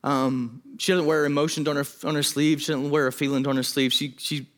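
A man with a fairly high voice delivers a sermon. He speaks in an earnest, emotional and pleading way, and he often breaks off and restarts his sentences. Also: level tone, fairly quick, a bit bright. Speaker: pastor.

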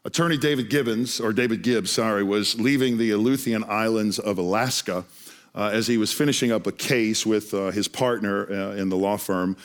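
A man's voice: fairly low pitch, normal speed. A male preacher telling a story in a sermon, earnest and often repeating words as he starts a phrase.

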